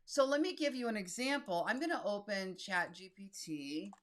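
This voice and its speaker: A woman in her fifties, a solo creator hosting on YouTube, talks casually and directly through a screen-share tutorial, reading text aloud as she types. Her mid-range voice is animated, at a moderate pace.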